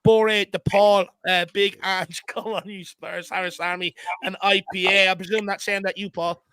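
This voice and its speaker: An Irish man hosting a fan live stream in casual chat, shouting out viewers by name. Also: high voice, level tone, normal speed, clear, resonant tone, dry recording. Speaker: fan channel host.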